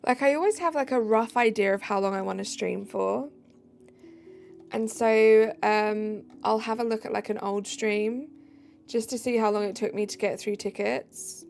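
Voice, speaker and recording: A tired British woman chatting casually on a live stream, giggly, reading chat aloud and dropping into soft asides. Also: mid-range voice, moderate pace, creaky, soft background music.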